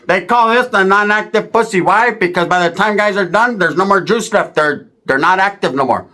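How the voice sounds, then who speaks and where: A man's voice: high-pitched, normal speed, hardly any pauses, pushed and bright. A man telling a profane, rambling comic story, ending his punchlines with tag questions. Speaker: comedian. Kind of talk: comedic storytelling.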